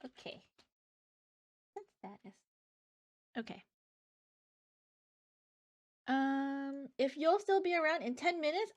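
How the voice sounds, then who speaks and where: A woman's voice: high-pitched, expressive, takes it slowly, long pauses. A young woman streaming live, chatting casually with her viewers and reading out their messages between bursts of giggling. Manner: chatty, reads chat aloud, giggly.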